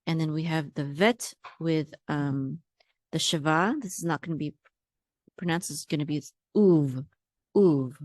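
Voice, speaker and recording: Low-voiced woman patiently spelling out syllables. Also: fairly even intonation, measured pace, no echo, studio quality. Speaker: Hebrew teacher. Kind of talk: word-by-word reading lesson.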